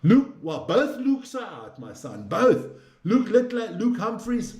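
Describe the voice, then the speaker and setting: A man hosting a casual live stream, rambling, swearing freely and getting excitable. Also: sits high, unhurried, echoey room.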